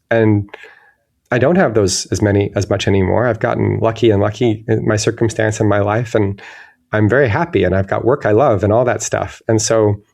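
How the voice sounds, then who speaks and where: A man's voice: fairly low pitch, gravelly, a little mellow. A man speaking as a guest in an interview, thoughtful and searching, often restarting his sentences. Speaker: guest illustrator. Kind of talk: reflective interview talk.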